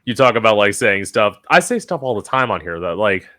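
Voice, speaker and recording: With a fairly low voice and a slightly quick pace, an American man hosts a casual podcast. He's frank and animated, dramatizing quotes as he tells his stories.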